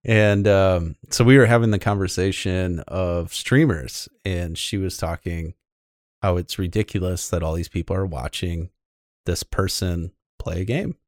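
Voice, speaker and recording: Low-voiced rambling podcast host. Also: male voice, steady tone, a little slow, no room sound, clean studio sound. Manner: rambling, with many fillers and restarts. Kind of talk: casual podcast chat.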